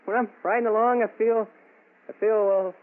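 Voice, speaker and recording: An actor playing a dreamy, melancholy young man who speaks softly and hesitantly, in 1940s radio comedy style. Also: sits high, fairly even intonation, normal speed, close to an everyday voice. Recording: tinny old radio broadcast.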